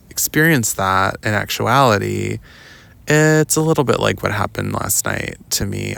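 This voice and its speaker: A young adult podcast host telling a long personal story outdoors in a rambling, casual way, full of "like" and "um". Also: male voice, lowish voice, creaky, fairly bright tone, clean tone. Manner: rambling, lots of "like" and "um", mimics others in quotes. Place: outdoors walking in the woods.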